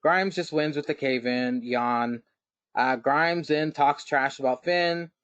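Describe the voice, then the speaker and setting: A man's voice: medium pitch, slow pace, a bit bright, clear, resonant tone, no room sound, highs cut off. A man hosting a casual podcast chat, loose and joking, putting questions to his co-hosts. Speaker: podcast host.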